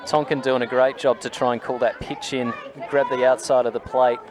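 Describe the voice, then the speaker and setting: A man's voice: mid-range voice, flat delivery, fairly quick. Australian man, colour commentary, enthusiastic and analytical, outdoor crowd and ambient noise. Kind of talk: live sports commentary.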